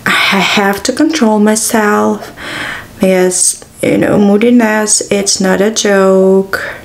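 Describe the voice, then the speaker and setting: A woman's voice: medium pitch, steady tone, takes it slowly, creaky. A tired woman in her thirties chatting casually to camera, rambling with sighs and exclamations. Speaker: vlogger.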